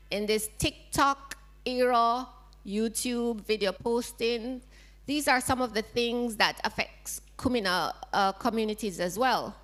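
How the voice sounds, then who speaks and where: A woman with a Jamaican accent, a researcher presenting a formal lecture in a measured, read-out way. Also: fairly high pitch, a bit bright. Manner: measured, reading from prepared text.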